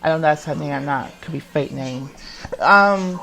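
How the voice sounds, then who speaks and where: A man hosting his own podcast, telling his story in a confessional monologue, rambling and halting with many restarts, heavy swearing and an agitated, emotional manner. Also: on the high side, vocal fry, bright, forceful tone, rough recording. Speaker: podcast host.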